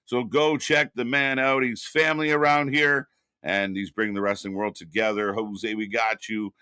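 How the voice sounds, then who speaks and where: A man's voice: on the low side, level tone, moderate pace, bright, forceful tone, smooth, no room sound, studio quality. A man co-hosting a live wrestling reaction stream, chatting casually and greeting viewers in the chat by name.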